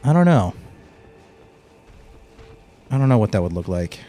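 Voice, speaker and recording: A man's voice: lowish voice, very animated, a little slow, over music. A young man streaming a game live, chatting casually and bluntly with viewers and calling them dude and bro. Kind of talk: live gameplay commentary with chat.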